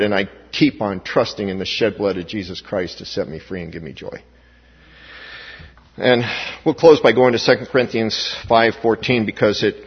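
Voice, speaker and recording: A man's voice: mid-range voice, husky. A man preaching a sermon as pastor, with emphatic rising stresses and frequent restarts. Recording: dull, echoey hall recording.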